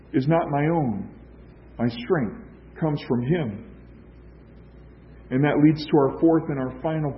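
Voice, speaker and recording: A man's voice: on the high side, a little hiss or hum. Man preaching on a dull recording. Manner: emphatic preaching with rhetorical questions and repetition. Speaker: pastor. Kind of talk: sermon.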